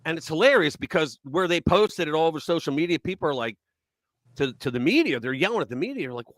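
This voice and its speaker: A man hosting a live news talk stream, talking in a casual, mocking way and swinging between loud remarks and muttered asides. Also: on the high side, animated, quick pace, dry recording.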